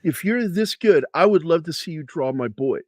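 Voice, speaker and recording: Brief: a man voicing a gruff army drill sergeant, brisk, dry close sound. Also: a little high, lively intonation, darkish tone, dry recording, pitched above the performer's own voice. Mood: friendly.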